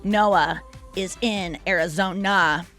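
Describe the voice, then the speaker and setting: A woman hosting a comedy podcast, chatting playfully in quick banter with her co-host. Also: lowish voice, a bit bright, faint music behind. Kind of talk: casual comedy podcast chat.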